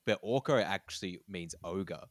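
A man co-hosting a podcast in casual chat, rambling and halting with repeated fillers. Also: sits low, no echo, clean studio sound. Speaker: podcast co-host.

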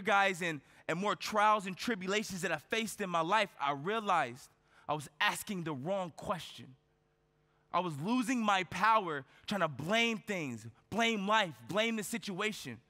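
A man's voice: high-pitched, lively intonation, measured pace, bright, forceful tone. A man giving a motivational keynote speech on stage, telling a personal story with rhetorical questions and frequent checks of "right?". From United States. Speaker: keynote speaker. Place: large event hall on stage. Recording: reverberant conference hall.

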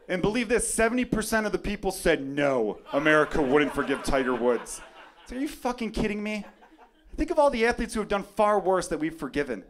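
A man from Chicago performing a profane, excitable stand-up comedy set on a club stage, with a handheld mic. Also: sits high. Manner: brash, profane, excitable bits. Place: comedy club stage before a live crowd. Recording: live club recording with crowd laughter. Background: audience laughter.

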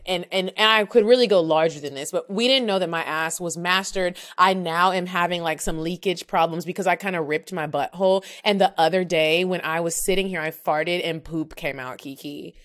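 Frank, animated woman in her thirties. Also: on the low side, moderate pace. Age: 30s. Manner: animated, frank storytelling that acts out both sides. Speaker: podcast co-host. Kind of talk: casual storytelling chat.

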